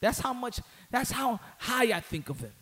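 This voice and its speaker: Man, high voice, casual boxing commentary, slangy, emphatic, repeats himself, gets heated. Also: big pitch swings, moderate pace, sharp tone.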